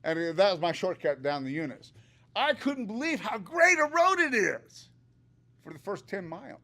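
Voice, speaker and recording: An older man with a high voice gives public comment at a meeting. He is chatty, upbeat and joking. He speaks into a podium microphone in a meeting room. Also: big pitch swings, moderate pace, sharp tone.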